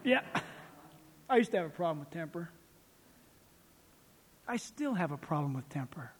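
A man preaching a sermon as pastor, animated and acting out little scenes. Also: a little high, moderate pace, husky, long reverb tail.

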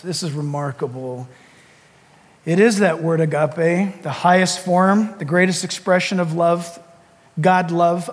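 A male pastor preaching a sermon in an animated way, acting out urgent calls and laughing with the crowd. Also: high voice, in a large hall.

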